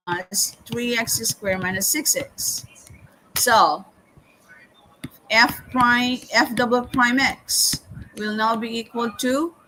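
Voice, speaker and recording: Slow-speaking woman teaching math. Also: on the high side, bright, forceful tone, slight background noise, rough recording. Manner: slow, step-by-step explaining with frequent "okay" and "hang on". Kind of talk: live-streamed calculus lesson.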